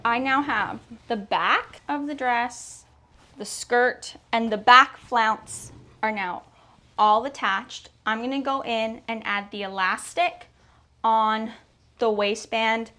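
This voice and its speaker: A woman's voice: a little high, steady tone, bright, forceful tone. A young Canadian woman chatting casually to her viewers while she sews at home, talking herself through each step. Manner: chatty, self-talking while working, quick exclamations. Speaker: sewing vlogger. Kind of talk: casual sew-along chat.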